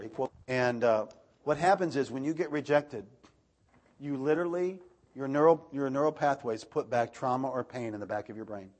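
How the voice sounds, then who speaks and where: A man in his thirties preaching a sermon, animated, swinging between loud outbursts and soft asides. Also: mid-range voice, husky.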